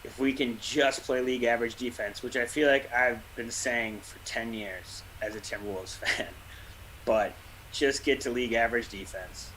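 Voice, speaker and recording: A man's voice: medium pitch, steady tone, normal speed, a bit bright, a little hiss or hum, poor audio. A man co-hosting a fan podcast in casual chat, rambling with dry jokes. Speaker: podcast co-host.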